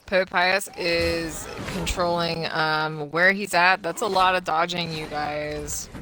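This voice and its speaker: A woman's voice: fairly low pitch, steady tone, slow pace, noisy background. A woman co-commentating a live game event in a chatty manner, full of fillers and asides to the viewers.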